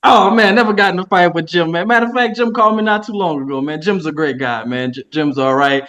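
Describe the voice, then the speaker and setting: A man's voice: high-pitched, fast talker, a bit bright, lo-fi sound. A man chatting as a podcast guest in a laid-back way, ending his lines with "man". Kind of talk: casual podcast banter.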